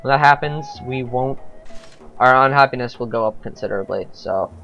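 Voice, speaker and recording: A man's voice: medium pitch, moderate pace, sharp tone, muffled recording, faint music behind. Casual man musing over a strategy game. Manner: thinking aloud, hesitant with frequent ums. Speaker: let's play commentator. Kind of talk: casual gameplay commentary.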